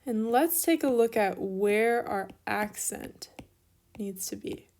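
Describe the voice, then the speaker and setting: A woman's voice: medium pitch, slow, darkish tone. A young woman giving a recorded grammar lesson, explaining each step patiently while she writes out examples. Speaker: teacher.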